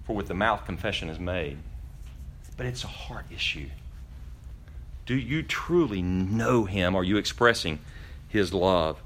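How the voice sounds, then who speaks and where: Male pastor, lowish voice; sermon in church, pointed rhetorical questions, surges loud then drops soft. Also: animated, measured pace, pauses often, a little hiss or hum. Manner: preaching with rhetorical questions, swinging between loud emphasis and quiet asides. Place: church during a service.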